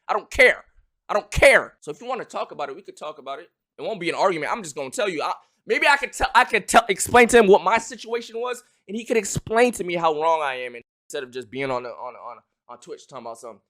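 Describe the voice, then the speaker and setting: A young man streaming live, talking in an animated, loud way and swearing a lot as he argues his point. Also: sits high, fast talker, few pauses. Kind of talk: heated casual chat on a live stream.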